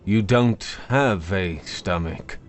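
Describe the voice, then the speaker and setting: A man voices a plain, polite cartographer in a fantasy storybook. He is mild and understated. He talks slowly and keeps things dry. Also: low-pitched, faint music behind. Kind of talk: storybook narration.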